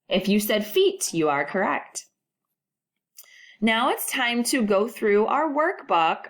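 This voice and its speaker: Slow, clear-speaking woman teacher. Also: medium pitch. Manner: slow, clear modeling of sounds with encouraging prompts. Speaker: first grade teacher. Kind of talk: recorded phonics lesson for children.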